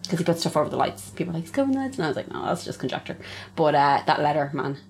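A woman's voice: sits low, fairly even intonation, very fast, creaky, darkish tone. A woman co-hosting a casual podcast, talking bluntly and sarcastically with plenty of swearing. She is a bit drunk. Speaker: podcast co-host.

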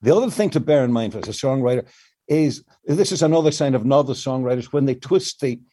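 A man's voice: medium pitch, expressive, a little fast, dark tone. An older male songwriter explaining his craft at length in an interview, with many restarts. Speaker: songwriter guest. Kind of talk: reflective interview answers.

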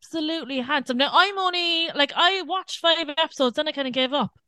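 High-voiced Irish woman, dry close sound. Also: fairly quick, sharp tone, no echo. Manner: frank and loose, swears casually. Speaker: podcast co-host. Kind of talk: casual chat.

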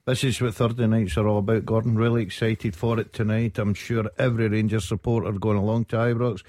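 A man's voice: fairly low pitch, little pitch movement, brisk, darkish tone, no room sound, studio quality. A man giving enthusiastic football punditry on the radio. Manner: enthusiastic, chatty.

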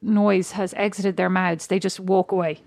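A woman's voice: on the low side, little pitch movement, moderate pace, gravelly, darkish tone, dry recording. A woman with an Irish accent co-hosting a chatty podcast, rambling and restarting her sentences and laughing often. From Ireland. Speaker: podcast co-host. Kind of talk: casual chat.

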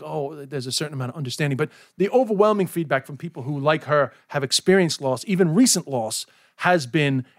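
A man, around his forties, a comedian chatting on a podcast, telling stories in an animated way, acting out dialogue and swearing often. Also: a little high. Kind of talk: casual podcast interview.

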